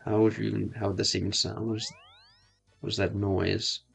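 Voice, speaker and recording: A fairly low, level, creaky and husky male voice carries this casual gameplay chat. The speaker, an American streamer learning French, halts often, trying out phrases and going back to repeat himself.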